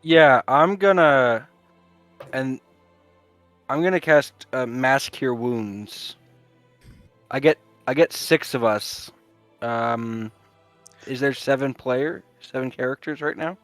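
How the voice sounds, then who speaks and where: A man's voice: medium pitch, slow, long pauses, fairly bright tone, no echo, soft background music. A man playing a tabletop game, talking in a hesitant, self-deprecating way. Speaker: player.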